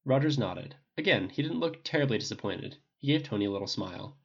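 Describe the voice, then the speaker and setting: A man giving steady scripted audiobook narration on a dull lo-fi recording. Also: mid-range voice, quick pace, gravelly, breathy edge.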